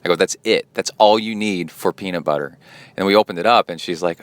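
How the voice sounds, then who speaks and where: A man's voice: sits low, fairly quick, a bit bright, dry recording. A man who coaches triathlon and hosts a podcast, talking in a rambling, chatty way. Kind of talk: casual spoken monologue.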